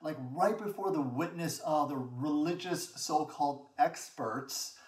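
A man's voice: on the high side, measured pace. Echoey male pastor preaching. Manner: earnest, rising emphasis on repeated phrases. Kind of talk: sermon. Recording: echoey room, mic at a distance.

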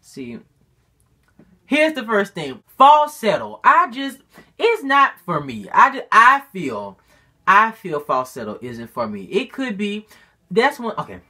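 A man's voice: high voice, huge pitch swings, takes it slowly, sharp tone. A man talking casually in a vlog, rambling and self-critical about his own singing voice, often restarting his sentences. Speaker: amateur singer and vlogger.

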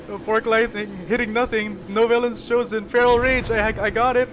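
High-voiced young man shouting over gameplay. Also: normal speed, noisy background. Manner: shouts and laughs in wild swings of excitement. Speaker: gaming video host. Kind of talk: excited live gameplay commentary. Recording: game music playing behind.

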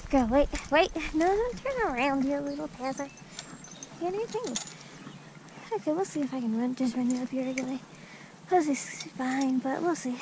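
A woman's voice: high voice, lively intonation, moderate pace, darkish tone, slight background noise. A woman riding behind her dog on a trail, calling out short commands and praise. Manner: calls out short commands like hike, wait and good girl. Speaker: dog owner on a sulky run. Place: outdoors on a trail.

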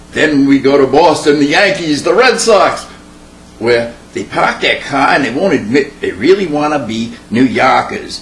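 A man's voice: mid-range voice, very animated, a little slow, fairly bright tone. A male comedian giving a playful, chatty stand-up monologue, in an echoey room with a faint hum.

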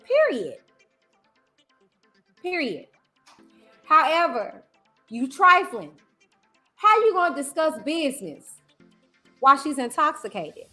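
A YouTuber host speaks directly to her livestream audience in a high, bright voice, emphatic and animated, returning again and again to the same phrases. She's a little slow with long pauses, and faint music plays in the background.

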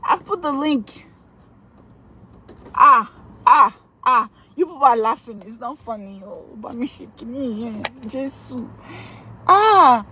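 A Nigerian woman talks on a live stream in a high voice, slow and drawn out. She pleads, repeats words over and over, and breaks into laughter. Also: expressive, sharp tone, breathy edge. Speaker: live streamer asking fans for votes. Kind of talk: excited live-stream chat.

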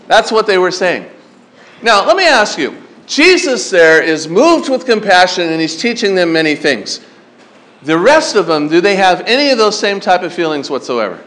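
A man pastor preaching a sermon to teenagers at a camp, telling animated stories and asking the crowd questions. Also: high voice, unhurried. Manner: animated storytelling, acts out his younger self. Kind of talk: sermon to teen campers.

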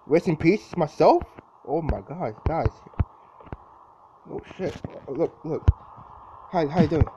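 Young guy freaking out over his game, highish voice, muffled lo-fi mic with hiss behind. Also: expressive, slow, pauses often. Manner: jittery, exclaims often, repeats himself. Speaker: gameplay commentator. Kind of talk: casual gameplay commentary. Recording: dull lo-fi mic with clear background noise.

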